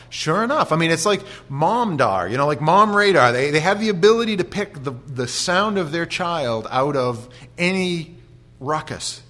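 A male pastor giving an animated sermon with humorous stories and frequent restarts. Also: on the high side, normal speed.

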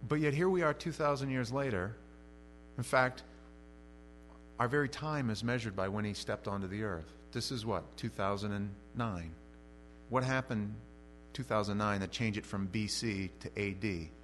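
A man preaching an expository sermon as pastor. He moves between conversational asides and emphatic lines, with big swings in loudness and pitch. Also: moderate pace, a little hiss or hum.

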